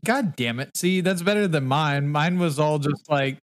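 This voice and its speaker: A man's voice: fairly high pitch, a little slow. A man co-hosting a podcast in casual, joking chat, laughing often and rambling. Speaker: podcast co-host.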